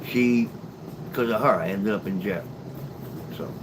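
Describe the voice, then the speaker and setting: This is a middle-aged man casually streaming late at night, his fairly low voice unhurried. He rambles, answers viewers by name, and responds to chat with free swearing and sarcasm, while a steady background noise persists.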